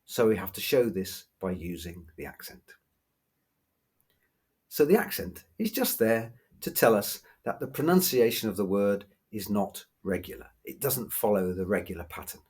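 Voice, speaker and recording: A man teaching a grammar lesson, patiently explaining rules and slowly repeating example words. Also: on the low side, sing-song, a little mellow, breathy edge.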